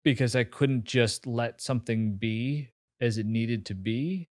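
A man's voice: mid-range voice, measured pace, dry recording. Candid man in his forties, dry close sound. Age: 40s. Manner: candid, swears freely, laughs at himself, many fillers and restarts. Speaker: interview guest. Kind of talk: casual interview storytelling.

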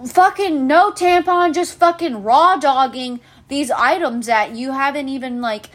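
A woman's voice: high voice, measured pace, few pauses, a bit bright, a little hiss or hum. A young woman hosting a solo podcast, ranting about retail customers with sarcastic, profane exasperation. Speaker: podcast host.

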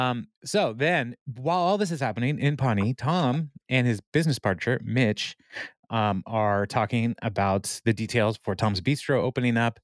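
Male podcast host, easygoing recap chatter, frequent laughs, mid-pitched, close dry mic. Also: moderate pace, no echo. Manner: chatty, laughs often, quotes characters in paraphrase. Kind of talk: casual episode recap.

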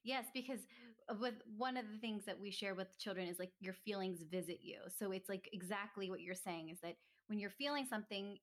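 A woman's voice: medium pitch, a little fast. A woman hosting a podcast interview, chiming in with enthusiastic, affirming replies. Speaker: podcast host. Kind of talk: casual interview chat.

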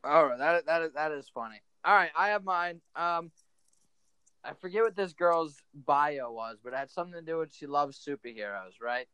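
A man's voice: a little high, lively intonation, moderate pace, sharp tone, smooth, no echo, rough recording. A young man chatting casually, joking crudely and laughing often. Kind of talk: casual chat.

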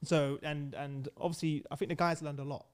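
A young man hosting a casual podcast chat in an office, excitable and quick to laugh, often restarting his sentences. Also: a little high, a crowd in the background. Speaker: podcast host. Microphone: podcast microphone in an office.

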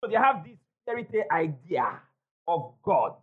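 Pastor, high, lively voice, emphatic call-and-response preaching, slightly muffled church recording. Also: male voice, moderate pace. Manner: emphatic preacher, repeats key phrases, call-and-response with congregation. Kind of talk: sermon. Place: church hall before a congregation.

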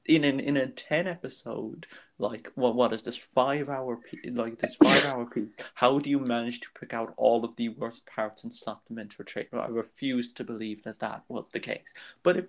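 A man in a casual podcast chat who keeps restarting his sentences. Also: mid-range voice. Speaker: podcast guest.

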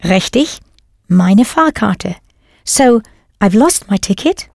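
A woman's voice: mid-range voice, animated, takes it slowly, gravelly, darkish tone, dry recording, clean studio sound. A woman narrating a scripted audio language lesson, patiently prompting the learner and then confirming each answer. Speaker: language teacher.

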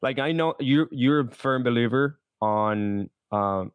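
A man's voice: medium pitch, unhurried, clean tone, dry recording, narrow, tinny audio. A man hosting a podcast interview, asking questions casually and restarting his phrasing as he goes. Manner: searching, repeats words while asking. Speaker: podcast host.

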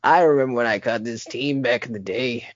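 A man's voice: medium pitch, a little fast, dry recording, close to an everyday voice. A young man voicing an old male trainer who reminisces about his battling days, heard on dull lo-fi podcast audio. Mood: reminiscing. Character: old male Pokemon trainer, nostalgic and folksy.

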